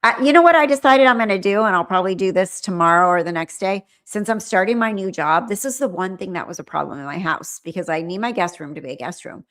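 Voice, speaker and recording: A woman's voice: medium pitch, quick pace, few pauses, fairly bright tone. A middle-aged woman from California, chatting casually and rambling as host of a live stream, with frequent laughs. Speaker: livestream host.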